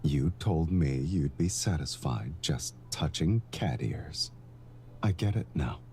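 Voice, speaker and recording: A man voicing a suave, affectionate adult man in a romance game, with a low, slow, intimate delivery. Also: lively intonation, darkish tone, soft background music, heavily acted. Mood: tender. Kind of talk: dubbed game dialogue.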